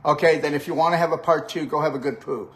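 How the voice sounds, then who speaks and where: An older man hosts a live health chat. His voice sits a little high. He sounds upbeat and coaching, and he keeps asking "okay? all right?" as he pushes his guest along. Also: fast talker. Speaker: host and health practitioner.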